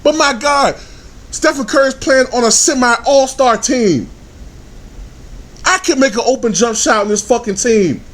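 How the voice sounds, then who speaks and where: A man in his thirties delivering a heated, profanity-laden rant as a vlogger, swinging from low grumbling to shouted outbursts. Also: unhurried. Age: 30s. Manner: angry, swearing, shouting bursts. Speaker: sports vlogger.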